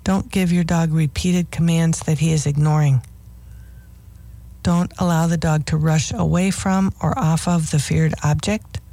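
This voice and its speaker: Mellow-voiced radio dog-training host. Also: medium pitch, fairly even intonation, measured pace, vocal fry, dry recording. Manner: firm, instructive, listing do's and don'ts. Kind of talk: radio advice talk.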